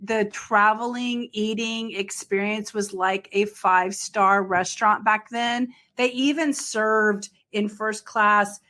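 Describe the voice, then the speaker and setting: A woman's voice: mid-range voice, fairly even intonation, slow pace, few pauses, pushed and bright. A middle-aged woman hosting a podcast, chatting enthusiastically and exclaiming often. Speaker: podcast host. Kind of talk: casual interview chat.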